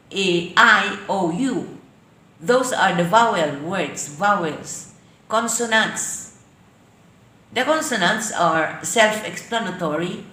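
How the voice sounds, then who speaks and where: A woman with a Filipino accent teaching an online English class, defining terms slowly and then explaining them. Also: medium pitch, bright, forceful tone, echoey room. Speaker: lecturer.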